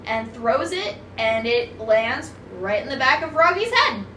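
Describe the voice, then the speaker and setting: A woman's voice: on the high side, very animated, unhurried, sharp tone. Young woman explaining plot, echoey room. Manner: explains plot details and corrects the others. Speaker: book club co-host. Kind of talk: casual chat. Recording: roomy echo, distant from mic, faint hiss.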